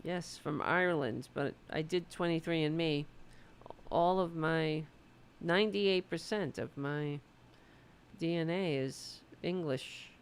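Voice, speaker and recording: A woman from the United States hosting a political livestream, chatting loosely and swearing, her voice going hoarse. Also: sits low, slow. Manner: loose, profane, rambling. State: losing her voice. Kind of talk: casual livestream chat.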